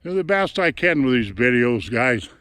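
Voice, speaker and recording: With a very animated, medium-pitched voice that is smooth and fairly bright, a middle-aged man narrates his hike casually at normal speed, slightly breathless and folksy. He films the mountain trail with a handheld camera mic, and the recording is dry.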